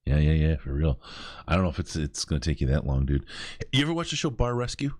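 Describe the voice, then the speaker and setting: A man hosting a podcast, telling stories in an animated way and laughing as he goes. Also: rumbling low, fast, dry recording, clean studio sound. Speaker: podcast host. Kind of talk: casual storytelling.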